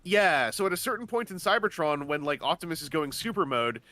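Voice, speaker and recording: A man's voice: on the high side, fairly quick, bright, forceful tone. A man chatting casually on a gaming stream, explaining at length with lots of fillers and restarts. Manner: rambling, enthusiastic explainer, many fillers and restarts.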